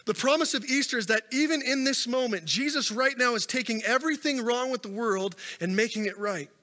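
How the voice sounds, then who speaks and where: A man's voice: extremely high pitch, a little fast, bright, forceful tone. A man preaching a sermon as a pastor, telling stories with rising and falling intensity, recorded in a church sanctuary on a stage microphone. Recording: long reverb of a large hall.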